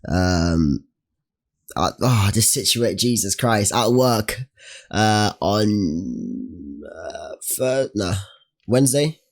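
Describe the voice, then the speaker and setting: A young man, co-hosting a podcast and telling a story in casual, animated chat full of slang. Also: on the low side, slow pace. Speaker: podcast co-host.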